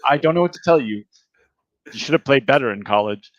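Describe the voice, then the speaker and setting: A young man hosts a casual podcast chat and keeps slipping in playful jokes. His voice sits at a middle pitch. The recording is dull and lo-fi, with a dry, close sound. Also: animated, brisk, dry recording. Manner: joking, playful. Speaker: podcast host.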